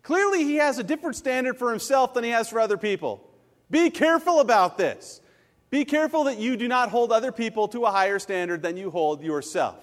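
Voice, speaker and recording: High, lively male preacher in a reverberant hall. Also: a little fast. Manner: animated storytelling, acts out quotes. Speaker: pastor. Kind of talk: sermon.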